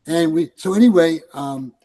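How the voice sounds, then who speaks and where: A man's voice: fairly high pitch, moderate pace, poor audio. An older man from New York, a retired police commander, telling stories in a casual interview and acting out the voices of the people in them. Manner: animated, acts out quoted voices.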